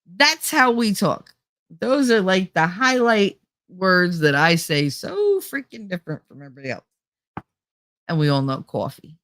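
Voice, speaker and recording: A woman's voice: on the low side, sing-song, measured pace, fairly bright tone, dry recording, clean studio sound. A middle-aged woman from New Jersey with a New Jersey accent, chatting casually with her live chat, laughing often and swearing freely. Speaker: streamer reading chat.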